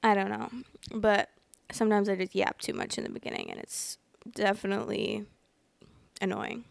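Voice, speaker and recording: Rambling woman host with a gravelly, smooth voice. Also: mid-range voice, big pitch swings, moderate pace, dry recording. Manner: rambling and apologetic, many fillers like "like"; often yawns while talking. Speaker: podcast host reading online stories. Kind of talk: casual chat and story reading. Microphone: close microphone.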